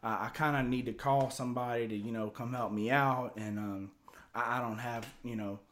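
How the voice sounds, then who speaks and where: A man telling a story on a casual podcast, animated and profane, often stammering and repeating words. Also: mid-range voice, normal speed.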